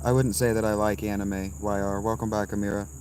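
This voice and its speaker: Man, thirties, low-pitched, live streamer, curt dismissive replies, outdoors, faint crickets behind. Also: little pitch movement, a little mellow, slight background noise. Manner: blunt, dismissive quick answers. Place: outdoors at a campsite.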